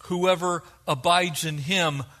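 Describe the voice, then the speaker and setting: Male pastor, sermon delivery, high bright voice, lively and acts out quotes. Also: slow.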